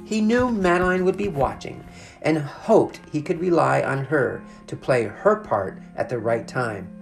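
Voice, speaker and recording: Very low-voiced woman reading a storybook. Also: unhurried, creaky, soft background music. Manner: expressive, animated reading.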